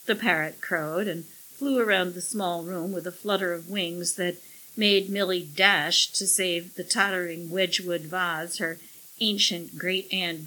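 A woman reads a story aloud at an unhurried pace, with a wry, measured delivery. Her voice sits a little low but sounds bright, with a breathy edge. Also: poor audio. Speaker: narrator. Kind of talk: audiobook narration.

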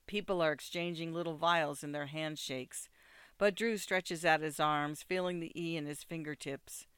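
A man narrating an audiobook in a steady, second-person storytelling way. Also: on the high side, moderate pace, clear, resonant tone, no room sound.

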